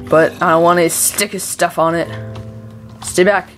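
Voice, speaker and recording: A young woman gives chatty, running commentary over her own gameplay in a fairly low voice for a woman. She rambles to herself and to the game characters, then flips into frantic, high-pitched shouting whenever something startles her. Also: moderate pace, faint music behind. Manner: chatty, excitable, shrieks when startled. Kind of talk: let's play commentary.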